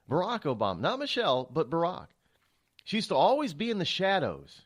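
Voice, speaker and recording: A man hosting a political talk radio show, rambling and stammering through a monologue with many restarts. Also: a little high.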